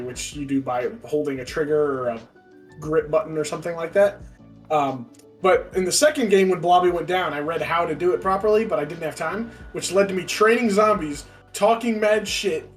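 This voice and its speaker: High-voiced, rambling, self-mocking man. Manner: rambling, self-mocking, laughs while telling stories. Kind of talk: casual gaming chat.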